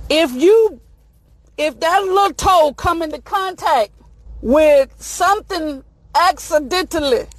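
A married woman hosting a show, telling a comic story in a lively, folksy way and calling her listeners honey. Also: high-pitched, unhurried, no echo, soft background music. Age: adult, married. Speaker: show host. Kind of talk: lively comedic morning-show monologue.

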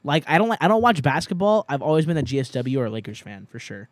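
A man's voice: a little high, expressive, fast, dry recording. A young man co-hosting a podcast, bantering loosely with friends, laughing and swearing. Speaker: podcast co-host.

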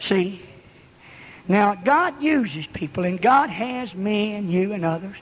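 Male revival preacher, very high-pitched, shouts chanted repetitions, church with long reverb. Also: expressive, slow. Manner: shouted, rhythmic repeated exhortations. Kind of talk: fiery revival sermon.

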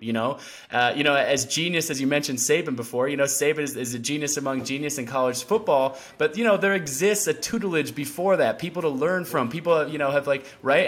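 A man as a podcast guest, telling a story in casual talk, animated and full of "like" fillers. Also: medium pitch. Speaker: podcast guest, endurance athlete.

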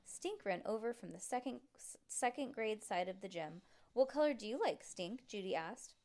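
A woman reading a children's book aloud at home, voicing the characters in a lively way and stopping to chat and laugh with a child. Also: mid-range voice, moderate pace. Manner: lively, voices the characters, chats and laughs between passages. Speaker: reader.

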